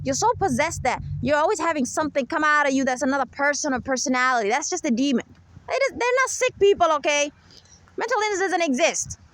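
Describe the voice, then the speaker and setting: A woman's voice: high-pitched, lively intonation, fast, a bit bright, no room sound. A woman hosting her own channel, talking in a rambling, insistent monologue and keeping the listener with her by repeating "right?" and "okay?". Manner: repetitive, keeps checking with "right?" and "okay?"; insistent, lecturing tone. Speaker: channel host.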